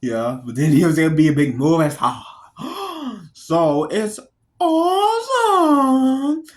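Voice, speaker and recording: Giggly high-pitched man reviewing a film. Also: fairly quick. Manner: giggly, laughs often between phrases; excitable, jumps between tangents. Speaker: movie reviewer. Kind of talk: casual rambling film review.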